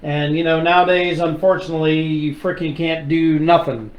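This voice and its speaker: A man hosting a casual chat, a blunt, animated storyteller who swears freely. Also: on the high side, normal speed, muffled recording. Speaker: host. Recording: echoey room.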